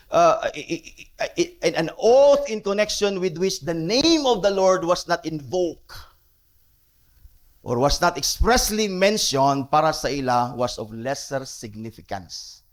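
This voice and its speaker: A man's voice: on the high side, expressive, normal speed. A man with a Cebuano Filipino accent preaching a sermon as pastor, mixing English and Cebuano and repeating key phrases for emphasis.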